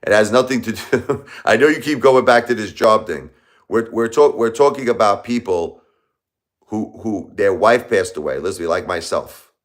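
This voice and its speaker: A man's voice: lowish voice, lively intonation, moderate pace. A man hosting a live stream, lecturing and scolding his chat commenters in a confrontational, repetitive way. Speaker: livestream host.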